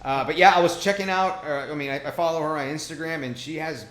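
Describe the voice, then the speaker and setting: A man's voice: fairly high pitch, quick pace, fairly bright tone, reverberant. A man co-hosting a live stream podcast, joking and rambling with a teasing manner. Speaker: podcast co-host. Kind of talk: casual chat.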